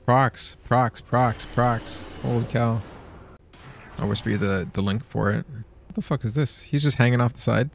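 Gravelly and medium-pitched, this streamer's voice moves at a moderate pace against slight background noise. He gives casual gameplay commentary to his viewers, swearing plenty and laughing often in an excitable way.

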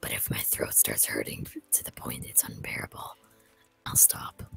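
A woman putting on a gruff, growling male Batman voice in a rasping whisper, joking around while playing a game. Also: normal speed, fairly bright tone, close to an everyday voice. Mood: deadpan. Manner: playful, joking, over-dramatic denials. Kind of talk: casual role-play while gaming.

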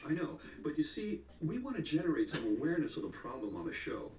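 An actor playing an upbeat male fashion show producer in a video game, giving brisk, businesslike instructions. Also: on the high side, very animated, a little mellow, slight background noise. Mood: briefing. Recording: roomy, distant game audio.

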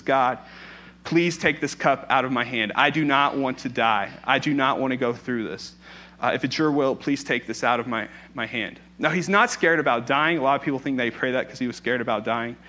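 A man's voice: medium pitch, bright, forceful tone. A young adult man, a pastor, preaching a sermon in a conversational way, telling stories with playful asides.

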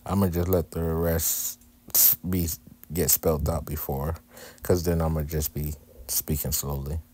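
A man narrates a craft video casually, poking fun at himself as he goes. His voice sits extremely low and deep. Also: little pitch movement, unhurried, mellow, husky. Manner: candid, joking, self-deprecating.

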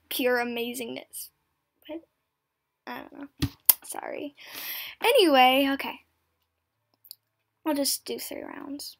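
A high-voiced girl talks over her game in an easygoing, unhurried way, her words a little altered by brand-new braces. She giggles and slips into whispers now and then, with soft mouse clicks in the background. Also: steady tone, vocal fry. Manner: giggly, chatty, often drops to a whisper. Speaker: gameplay commentator. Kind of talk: casual game commentary.

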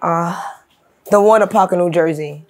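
A woman from Queens, a guest rapper telling a story in a casual interview. She talks in a profane, animated way and acts out the voices of the people she quotes. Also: lowish voice, normal speed. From Queens, New York.

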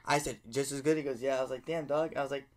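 A young man co-hosting a podcast, joking brashly, swearing and telling animated stories in casual chat. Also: mid-range voice, fast. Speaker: podcast co-host.

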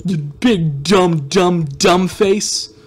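A man's voice: high voice, slightly rough, exaggerated voice. A man putting on a whiny jealous kid viewer. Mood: whiny, petulant. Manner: drawn-out, childish complaining.

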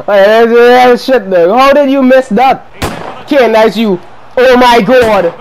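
A young man giving heated, profane commentary while playing a football video game, often shouting at his players. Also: high-pitched, animated, a little slow, heavy background noise. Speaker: gaming video creator.

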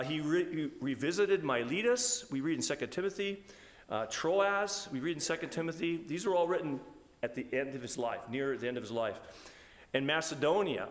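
A man's voice: fairly high pitch, a bit bright. A man, a pastor, giving a conversational Bible study lecture in a church hall, often restarting his sentences. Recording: reverberant hall.

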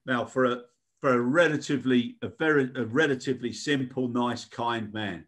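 British man, podcast co-host, ordinary male pitch, earnest, repeats words, casual conversation. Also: normal speed, a bit bright.

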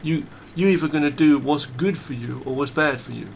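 A man's voice: on the high side, a little fast, creaky, a little hiss or hum. Blunt man ranting. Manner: blunt, emphatic, swears freely; repeats and restarts phrases. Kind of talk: unscripted monologue.

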